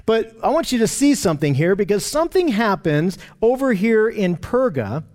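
A man teaching a Bible study lesson over a map, explaining in a steady way with frequent restarts and fillers. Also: sits high, moderate pace.

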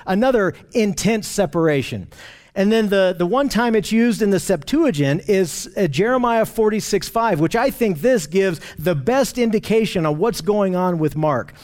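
High-voiced man teaching a Bible lesson. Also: darkish tone. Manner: explanatory, with frequent restarts and fillers. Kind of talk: Bible study lesson with map.

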